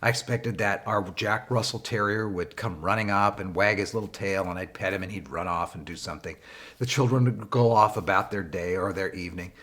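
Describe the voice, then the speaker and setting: A man's voice: brisk, fairly bright tone. A man teaching leadership through a personal story, talking conversationally with frequent fillers and wry emphasis. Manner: rises in pitch for wry emphasis. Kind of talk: anecdotal storytelling lesson.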